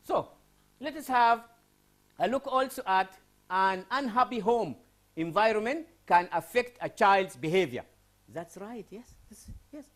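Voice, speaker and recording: A man's voice: sits high, lively intonation, unhurried, a bit bright. A man from Sudan lecturing a class on English writing, asking students questions and repeating key phrases.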